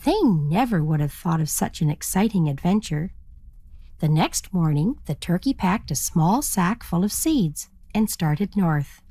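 A woman storyteller narrating a children's story in an animated, expressive manner. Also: on the low side, measured pace, husky, no room sound.

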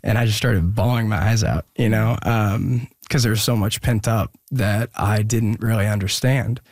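Recorded dry in studio quality, the voice is on the low side, steady and darkish. It belongs to a young Oregon man who shares a personal story as an interview guest, sounding earnest yet hesitant, pausing and restarting a lot.

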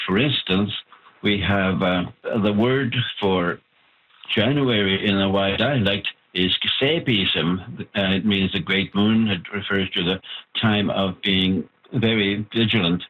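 A man, an author of a language book, giving measured, explanatory interview answers with pauses. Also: low-pitched, husky. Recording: tinny phone-like line.

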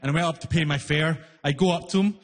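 A man's voice: a little high, quick pace. A man performing a stand-up comedy set, telling a story animatedly and acting out both sides in raised voices, recorded live in a venue with audience laughter. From outside Canada, newly arrived. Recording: live hall reverb, faint room noise.

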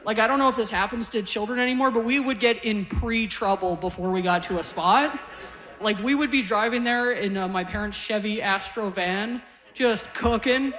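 A woman's voice: fairly high pitch, normal speed, fairly bright tone, long reverb tail. Self-mocking Canadian woman doing stand-up. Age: 40s. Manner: chatty, self-deprecating, laughing through lines. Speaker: stand-up comedian. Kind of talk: stand-up set. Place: comedy stage before a live audience.

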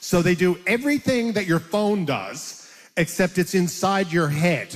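An older man from Canada, a comedian guest telling animated anecdotes in an interview and acting out voices. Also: high-pitched, unhurried, in a large hall, faint music behind. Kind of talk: storytelling interview chat.

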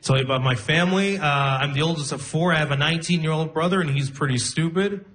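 Young man doing stand-up, deadpan. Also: fairly high pitch, fast talker. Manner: deadpan storytelling, laughs at own jokes. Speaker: stand-up comedian. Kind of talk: stand-up comedy set. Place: comedy club stage with audience.

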